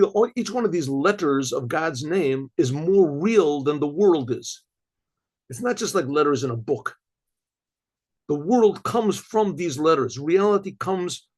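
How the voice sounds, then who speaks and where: Husky older man teaching a rabbinic class. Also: a little high. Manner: digressive, repeats phrases for emphasis, frequent "okay, so"; clears throat often. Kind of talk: informal Torah lecture.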